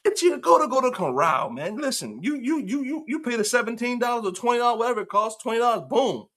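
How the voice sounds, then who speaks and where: A man's voice: extremely high pitch, animated, fast talker, fairly bright tone. A male host telling a story in casual commentary, acting out the quotes and laughing often.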